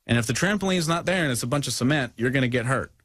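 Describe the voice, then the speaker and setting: A young man hosting a talk show, rambling and mocking as he talks, now and then mimicking others in a high voice. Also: lively intonation, rapid-fire, a bit bright, husky, no room sound, clean studio sound. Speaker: show host. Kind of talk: animated talk-show monologue.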